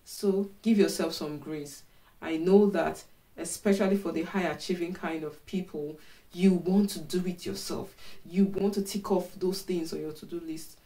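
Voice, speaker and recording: Young adult woman, casual advice vlogger; low, warm, relaxed delivery, chatty and reassuring. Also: moderate pace. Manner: chatty, encouraging, repeats "you know".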